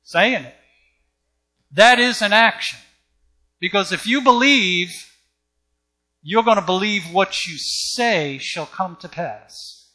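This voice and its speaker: A man's voice: high-pitched, pushed and bright. A man preaching a sermon with an emphatic, repetitive cadence.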